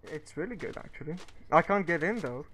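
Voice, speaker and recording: A man casually commentating a co-op game with a friend, laughing often and yelling when he dies. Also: a little high, lively intonation, a little fast, slight background noise. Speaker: co-op gameplay commentator. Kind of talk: casual gaming chat.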